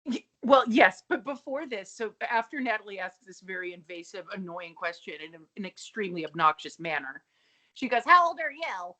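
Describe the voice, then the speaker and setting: A woman's voice: medium pitch, a little fast, pushed and bright. A woman co-hosting a podcast, chatting casually and sardonically about a sitcom episode, swearing freely. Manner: sardonic, swears, acts out quotes. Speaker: podcast co-host.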